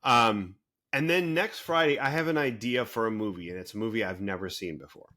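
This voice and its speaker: A man co-hosting a podcast, talking in a casual, animated way with many fillers. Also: fairly low pitch, fairly quick. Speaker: podcast co-host. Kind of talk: casual chat.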